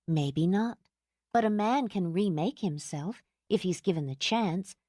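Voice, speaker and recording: A woman's voice: fairly low pitch, expressive, unhurried, mellow, dry recording, studio quality. Woman voicing a weary young mother. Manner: tired, reasonable. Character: tired, kind young mother, weary and warm.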